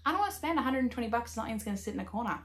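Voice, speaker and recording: A woman's voice: on the high side, very animated, rapid-fire, fairly bright tone. An Australian woman hosting a knitting podcast, chatting casually, swearing freely and laughing at herself as she talks. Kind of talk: casual chat.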